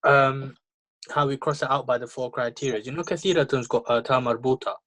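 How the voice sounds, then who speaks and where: A man's voice: mid-range voice, steady tone, fairly quick, a bit bright, no echo. A man explaining his reasoning as a student in class, tentative. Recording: dry.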